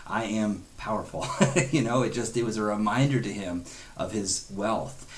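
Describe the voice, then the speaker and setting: Low-voiced man teaching a Bible study. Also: normal speed. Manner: earnest and conversational, with chuckles and quoted asides.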